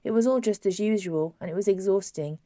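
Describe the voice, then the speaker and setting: This is a woman narrating an audiobook: she reads a novel from a script in a steady, measured storytelling style. Pitch is medium, the sound is clean studio audio, and there's no room sound.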